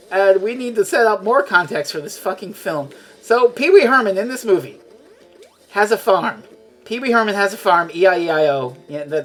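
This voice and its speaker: A woman's voice: mid-range voice, a bit bright. A woman from Europe chatting casually while streaming a game, rambling, sarcastic and profane, often tripping over her words.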